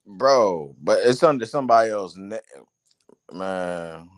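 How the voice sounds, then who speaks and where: Emphatic man with lively pitch, dry sound. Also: slow pace, no echo. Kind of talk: casual barbershop chat.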